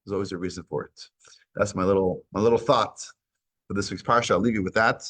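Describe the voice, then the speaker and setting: Husky man telling a Torah story. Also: sits low, steady tone, fast talker, fairly bright tone. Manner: acts out dialogue in retold stories. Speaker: Torah class teacher.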